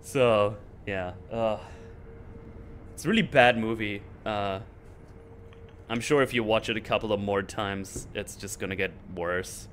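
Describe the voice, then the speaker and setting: A man's voice: lowish voice, measured pace, a little hiss or hum. Sarcastic ranting man. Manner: animated, sarcastic, mocking voices. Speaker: channel host. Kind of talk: casual ranting recap.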